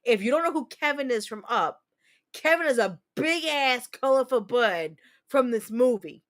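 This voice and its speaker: A woman from New Jersey hosting a casual livestream chat, talking in a rambling, profane way and quick to launch into rants. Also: on the high side, lively intonation. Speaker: livestream host.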